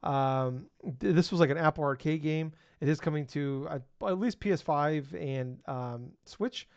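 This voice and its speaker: A man with a fairly high voice co-hosts a casual podcast, running through news items with plenty of ums and uhs. His voice sounds dull and lo-fi, very dry, with no room sound. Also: moderate pace, clear, resonant tone, no echo. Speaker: podcast co-host.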